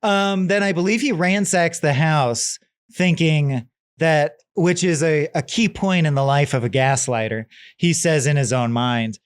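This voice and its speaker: A man's voice: on the high side, moderate pace, clear, resonant tone, no echo. A man co-hosting a podcast, casually recapping a movie plot and acting out the characters' lines as he goes. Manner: animated, acts out characters' lines while recapping. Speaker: podcast co-host. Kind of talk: casual film discussion.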